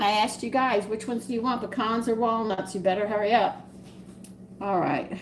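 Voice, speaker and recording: A woman's voice: mid-range voice, moderate pace, a little hiss or hum, poor audio. A woman with a Southern US accent hosts a live-stream cooking demonstration, rambling as she chats with her viewers. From American South. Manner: chatty and rambling, talks to viewers. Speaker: home cooking host. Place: home kitchen.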